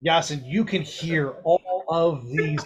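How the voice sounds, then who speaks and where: A man narrating a tabletop game as game master, casual and rushing through rules. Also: a little high, slight background noise.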